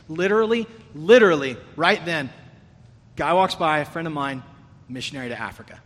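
A male pastor preaching a sermon in an earnest, conversational way, catching and restarting his phrases as he goes. His voice sits high and sounds bright and forceful. The long reverb of a large hall trails after his words. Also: fairly quick.

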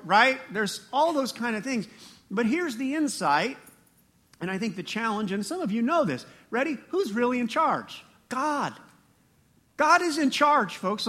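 Bright high-voiced male pastor preaching. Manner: animated, laughing asides and rising emphasis. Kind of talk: sermon.

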